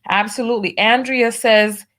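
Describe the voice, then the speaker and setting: A woman's voice: fairly high pitch, steady tone, normal speed, fairly bright tone. A woman hosting her own show, giving preachy commentary and reading viewer donations aloud, with big swings in emphasis. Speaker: show host.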